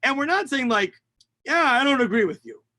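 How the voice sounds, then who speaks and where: Extremely high in pitch, this man speaks fairly quickly in a bright, forceful, expressive tone, with no room sound. He's a rabbi on a video call from home, using the call's mic to give an online Tisha B'Av kinot lesson, translating and explaining Hebrew lines as he reads and filling gaps with many fillers.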